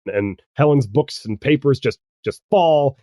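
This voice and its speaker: A man narrating as game master of a tabletop game, halting and chuckling as he goes. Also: mid-range voice, expressive, dark tone, slight background noise. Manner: halting, full of restarts and chuckles.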